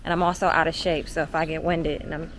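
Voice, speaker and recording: A woman's voice: deep voice, flat delivery, quick pace. A woman vlogging casually about a pocket camera, chatty, with reassuring asides to her viewers, partly walking outdoors on a windy beach. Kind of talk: casual product vlog. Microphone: handheld pocket camera mic.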